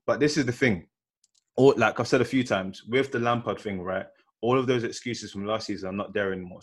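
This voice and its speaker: Husky-voiced man, slangy podcast chat. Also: fairly low pitch. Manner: animated, slangy, rambling. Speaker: podcast co-host. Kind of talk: casual chat.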